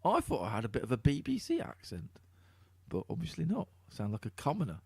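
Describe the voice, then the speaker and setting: A man's voice: on the high side, wildly swooping pitch, fast, vocal fry, dark tone, husky, no echo. A man with an East Midlands accent, hosting a podcast in casual, laughing chat. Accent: East Midlands English. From Middle England. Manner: chatty, laughs often, swears casually. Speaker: podcast host.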